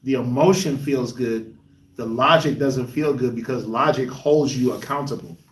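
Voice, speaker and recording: Lively man teaching in an echoey room. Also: moderate pace, distant mic. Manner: conversational, acts out quotes in high voices. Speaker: lead speaker of a discussion group. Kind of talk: animated teaching talk. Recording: echoey room, speaker away from the mic.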